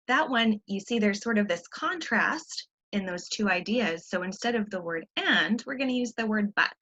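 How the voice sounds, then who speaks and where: A woman's voice: medium pitch, expressive, moderate pace, fairly bright tone, dull audio. A woman teacher giving a recorded online grammar lesson, explaining patiently step by step with frequent ums.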